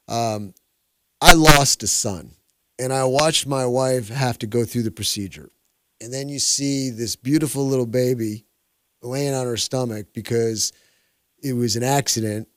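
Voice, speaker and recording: A man's voice: mid-range voice, moderate pace, fairly bright tone, dry recording. A man hosting a call-in radio show, chatting with callers in an easygoing, conversational way. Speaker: radio talk show host.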